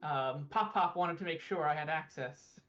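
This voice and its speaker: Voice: medium pitch, moderate pace, a bit bright, lo-fi sound, faint music behind, natural voice. A player voicing Octavio, a pompous young noble who gushes in an overly formal way. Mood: hurried.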